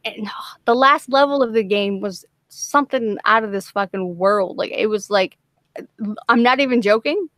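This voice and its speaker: A woman's voice: mid-range voice, a bit bright, no room sound. A young woman hosting a live stream, talking brashly and playfully with lots of swearing. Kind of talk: casual live stream chat.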